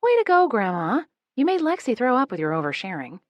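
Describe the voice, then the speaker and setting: A woman voicing a composed young eldest sister who speaks softly in an audiobook. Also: mid-range voice, moderate pace, breathy edge, dry recording, highs cut off, pitched above the performer's own voice. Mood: teasing. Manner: soft and composed.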